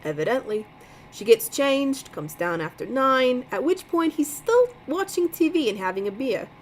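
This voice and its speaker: A woman voicing a steady, matter-of-fact man with a Boston accent, read aloud from a book. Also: high-pitched, normal speed, a little hiss or hum, voice pushed up, rough recording.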